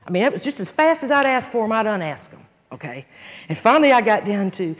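A woman teaching a sermon, earnest and emphatic, moving between loud conviction and hushed personal storytelling. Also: mid-range voice, big pitch swings, fairly quick, long reverb tail. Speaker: Bible teacher.

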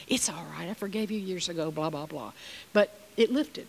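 A woman's voice: fairly low pitch, moderate pace, creaky, big-room sound, slight background noise. A middle-aged woman teaching from the Bible, reading scripture and sharing personal stories in an earnest, conversational way.

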